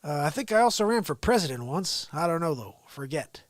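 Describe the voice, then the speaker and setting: A man voicing a sleepy old male politician who rambles slowly and mumbles while pitching discount sofas. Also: sing-song, no echo, studio quality. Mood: rambling. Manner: drowsy, slow, mumbling and rambling.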